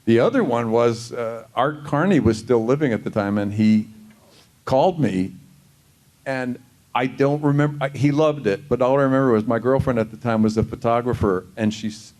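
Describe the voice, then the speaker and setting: A man on a convention panel telling anecdotes in an animated way, often exclaiming in disbelief. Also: mid-range voice, moderate pace.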